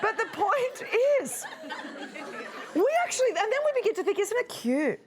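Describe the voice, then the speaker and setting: A middle-aged woman preaching to a live audience, playful and animated, acting out little voices as she speaks. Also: extremely high pitch, normal speed, crowd noise. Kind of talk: sermon. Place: stage before a live audience.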